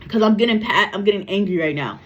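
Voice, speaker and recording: A woman's voice: medium pitch, animated, fast talker, faint music behind. A woman, a psychic medium, talking casually to camera in a blunt, repetitive way and cursing freely. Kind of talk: casual spoken reading to camera. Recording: dull lo-fi recording.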